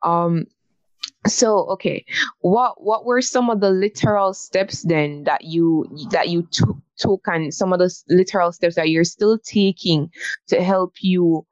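A woman interviews a guest about faith, gentle and hesitant as she restarts her questions. Her voice sits somewhat low. The recording is dry and dull, with a lo-fi edge. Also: measured pace, dry recording.

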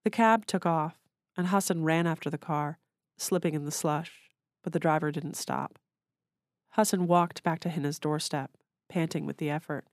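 The author, a woman with a low voice, reads her short story with a measured, literary delivery. The recording is close and dry, with no room sound at all.

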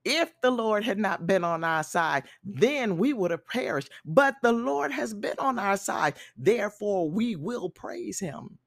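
A woman evangelist delivering a measured, emphatic sermon and closing her podcast episode as host. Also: medium pitch, animated, creaky, no echo, clean studio sound. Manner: measured, emphatic preaching that stresses key words. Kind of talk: recorded sermon with podcast sign-off.

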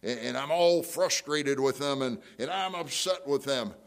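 Male pastor preaching, lots of questions at the crowd, trips over his words, goes loud then hushed. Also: mid-range voice, normal speed. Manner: conversational preaching with rhetorical questions and many restarts. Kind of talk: sermon.

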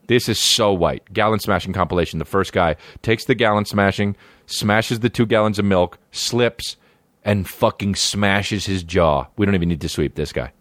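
Male podcast comic, lowish voice, rambling profane riffs, dry close sound. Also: moderate pace, fairly bright tone, no echo. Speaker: comedian podcast host. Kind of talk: casual comedic monologue.

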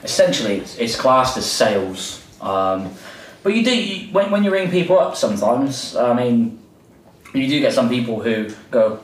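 A man's voice: medium pitch, expressive, moderate pace. A man chatting casually as a podcast co-host, sarcastic and swearing freely as he rambles with restarts. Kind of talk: casual chat. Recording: roomy echo, a bit distant, faint hiss.

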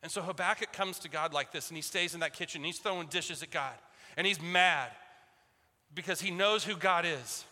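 Male pastor, conversational sermon, bright and high-pitched, recorded in a reverberant church. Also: moderate pace. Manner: conversational, repeats words at restarts, acts out voices of biblical figures. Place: church sanctuary.

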